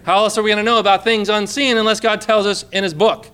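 A male pastor preaches to his congregation in a high, bright voice. His delivery is clear and conversational, full of questions to the room and calls for an amen. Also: flat delivery, quick pace. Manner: conversational preaching with many rhetorical questions, asks for amens. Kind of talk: sermon. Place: church with a congregation.

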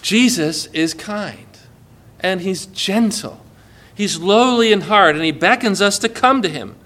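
A man's voice: high-pitched, measured pace. A man preaching a sermon in a conversational way, acting out quoted lines and adding light asides. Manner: expressive, acts out quoted lines with shifts in volume and pace.

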